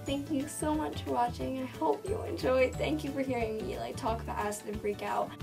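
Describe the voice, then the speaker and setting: In her vlog, a young woman with a slightly high voice and fairly even intonation rushes breathlessly through a story, retelling every line of dialogue and saying "like" constantly. Music is clearly audible in the background, and she sits a bit away from the mic.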